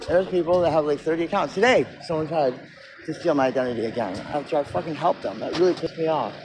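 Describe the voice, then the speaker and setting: A man's voice: on the high side, fast, background noise. A man ranting and answering viewer comments on a casual livestream, profane and agitated, in tooth pain.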